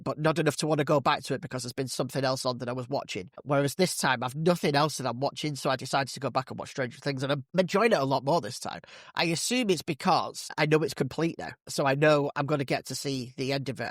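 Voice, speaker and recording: A man hosting a podcast in casual solo chat, slightly hoarse, chatty and rambling. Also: mid-range voice, fairly bright tone, no room sound, studio quality. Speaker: podcast host.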